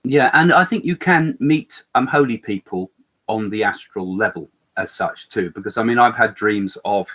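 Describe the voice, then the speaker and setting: A man's voice: lowish voice, moderate pace, fairly bright tone. An older man co-hosting a live chat, talking in a rambling way with many fillers and restarts, with a slight cough. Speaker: co-host medium.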